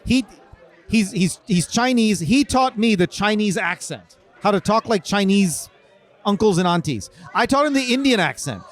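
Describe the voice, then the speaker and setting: Casting: male comedian, fairly high voice, chatty storyteller, easy with accents. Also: expressive, moderate pace. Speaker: comedian guest. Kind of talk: casual podcast chat.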